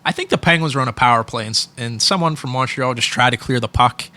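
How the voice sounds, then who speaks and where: A man's voice: medium pitch, quick pace. A man, a podcast guest who works with hockey equipment, chatting casually and telling stories with easy laughs. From Pittsburgh area. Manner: relaxed storyteller, laughs often. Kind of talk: casual interview chat.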